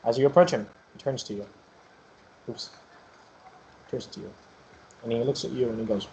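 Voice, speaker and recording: A man's voice: mid-range voice, normal speed, long pauses, mellow, lo-fi sound. A man narrating as game master in a tabletop game, casual and full of fillers.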